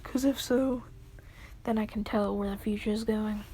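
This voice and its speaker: A woman voicing a protective, deadpan teenage boy who answers in flat, dry retorts. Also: medium pitch, moderate pace, slight background noise, lightly acted.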